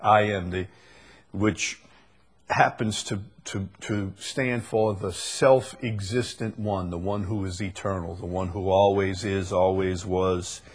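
A man's voice: deep voice, steady tone, takes it slowly, breathy edge. A man preaching a sermon and reading scripture aloud, earnest and rising to emphasis on the verses.

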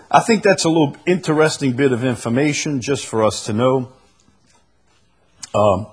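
A man teaches a Bible study group, walking through his points carefully and stopping to read passages aloud. His voice is husky and slightly rough. He speaks in a patient, explanatory way and often uses fillers between phrases. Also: fairly low pitch.

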